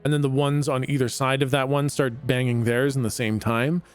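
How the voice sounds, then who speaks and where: A man narrates a tabletop role-playing game as the game master. He talks in a casual, halting way and often stops to search for words. Faint music runs in the background. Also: mid-range voice, flat delivery.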